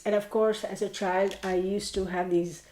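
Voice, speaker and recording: A woman's voice: medium pitch, flat delivery, normal speed, dark tone, reverberant. A woman hosting a tarot channel, chatting casually to her viewers with lots of fillers and restarts. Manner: rambling, many fillers and restarts. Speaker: tarot reader and channel host.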